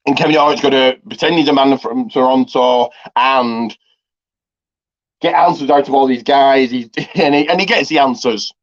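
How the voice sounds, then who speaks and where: A man's voice: medium pitch, normal speed. A man casually retelling a movie's plot for a review, rambling with lots of ums and restarts. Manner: rambling, heavy on fillers and restarts. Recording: slightly dull lo-fi audio.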